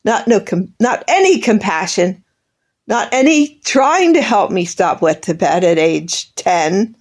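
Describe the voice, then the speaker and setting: A woman's voice: mid-range voice, very animated, unhurried. An older woman in a bitter, sarcastic personal monologue, airing grievances at her absent family. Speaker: vlogger.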